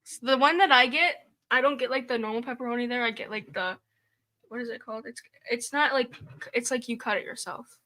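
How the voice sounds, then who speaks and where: Bright-voiced teenage girl, casual and halting. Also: a little high. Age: teens. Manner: relaxed, hesitant, lots of fillers. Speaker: host's daughter, co-host. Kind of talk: casual livestream chat.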